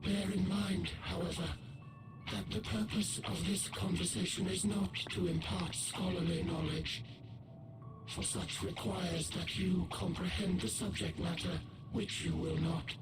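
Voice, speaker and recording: A solemn ancient being in a video game, lofty and condescending. His high voice moves slowly and formally. He sounds far from the mic and sits beneath loud orchestral game music. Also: steady tone. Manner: measured, formal, aloof. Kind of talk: video game cutscene voice acting.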